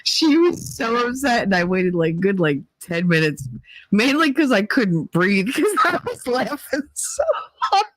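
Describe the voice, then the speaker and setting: A woman's voice: mid-range voice, very animated, unhurried. A middle-aged woman hosting a livestream, chatting casually with viewers, often laughing and teasing. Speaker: livestream host. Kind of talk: casual chat with live chat.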